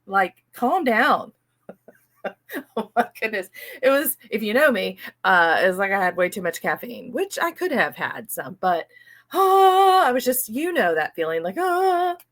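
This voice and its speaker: A woman's voice: medium pitch, normal speed. A middle-aged woman hosting her own channel, talking casually and animatedly about her money worries, acting out her inner voice. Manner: chatty, animated, laughs, acts out her inner voice. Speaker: host. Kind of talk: casual personal talk on money mindset.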